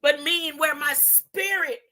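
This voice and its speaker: A woman's voice: sits high, steady tone. A woman giving an impassioned spiritual monologue, drawing her words out and tagging her points with a rising "huh?". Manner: drawn-out, deliberate phrasing with sudden loud bursts. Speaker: spiritual video preacher.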